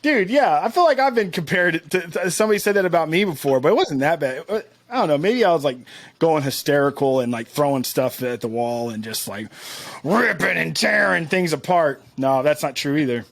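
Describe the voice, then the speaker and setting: A man's voice: a little high, lively intonation, a little fast, creaky, no room sound. A man co-hosting a podcast, telling rambling self-deprecating stories in casual chat. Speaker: podcast co-host.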